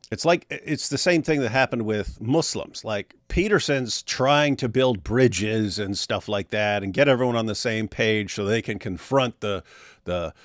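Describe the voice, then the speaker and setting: A man's voice: on the low side, dry recording. Sex: man. Role: show host. Style: dry-sounding casual livestream chat, jokey and rambling. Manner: jokey and rambling, breaks into silly voices.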